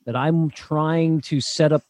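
A man's voice: on the high side, fairly even intonation, slow, a little mellow, dry recording. Upbeat middle-aged male podcast host. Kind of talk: scripted podcast introduction.

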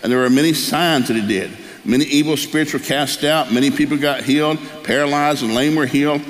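A man's voice: fairly high pitch, brisk. A man, preaching a sermon as pastor and telling a folksy story. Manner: folksy, animated storyteller acting out voices. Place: church sanctuary. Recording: live church hall with long reverb.

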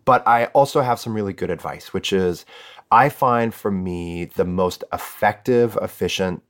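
A man in his forties, a yoga teacher, explaining things in a relaxed, self-deprecating way on a podcast. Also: on the low side, unhurried. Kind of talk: casual podcast conversation.

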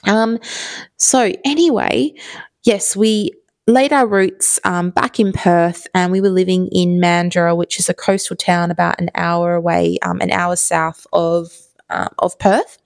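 Australian woman in her thirties, podcast host, low-ish voice with vocal fry, dry close sound, chatty and loose. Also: fairly even intonation, measured pace, no echo. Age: 30s. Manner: chatty, rambling, many fillers. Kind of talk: casual solo storytelling.

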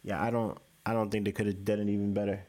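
A man's voice: on the low side, flat delivery, quick pace, darkish tone. A man co-hosting a podcast, talking bluntly and casually, with some swearing. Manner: blunt, profane, laid-back. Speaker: podcast co-host. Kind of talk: casual wrestling chat.

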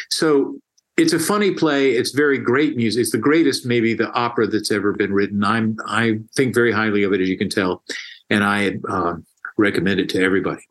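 A man's voice: fairly low pitch, a bit bright. Enthusiastic man explaining opera. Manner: enthusiastic, frequent restarts and repeated words. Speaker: music guest explaining opera. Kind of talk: casual explanatory chat.

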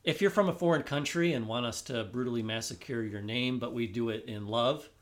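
A man with an American accent co-hosting a history podcast, talking in a relaxed, thinking-aloud way. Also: medium pitch, brisk. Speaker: podcast co-host. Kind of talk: casual history podcast chat.

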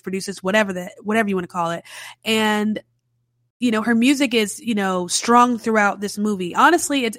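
A woman's voice: medium pitch, fairly bright tone, dry recording. Chatty woman reviewing a film, dry sound. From Louisiana. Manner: chatty, sarcastic, lots of fillers. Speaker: podcast host, film reviewer. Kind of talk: casual spoken film review.

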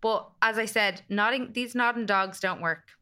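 A woman hosts a podcast in frank, emphatic casual chat, dropping swear words with ease. Her voice is bright and sharp-edged at a middle pitch. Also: moderate pace, smooth. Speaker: podcast host.

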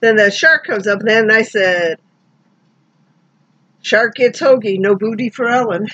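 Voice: mid-range voice, unhurried, a bit bright, no room sound, muffled recording. A speaker in casual chat about a movie, making dry, wisecracking comments. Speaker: podcast co-host recapping a movie.

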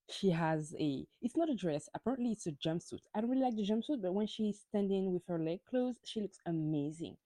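A woman's voice: fairly low pitch, dark tone, no room sound. A woman hosting a podcast, giving a ranting gossip recap of reality TV, swearing freely and stumbling over words when worked up. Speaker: podcast host.

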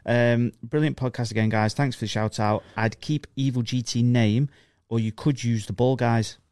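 A man's voice: medium pitch, fairly even intonation, moderate pace, a little mellow, no echo, studio quality. A man co-hosting a podcast, reading out listener comments in a joking, casual way. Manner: joking, laughs often, swears casually. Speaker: podcast co-host.

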